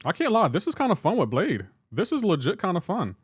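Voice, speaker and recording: A young man live-streaming a mobile game, joking back and forth with his chat in a casual, animated way. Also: high-pitched, a little fast, husky, no room sound, clean studio sound.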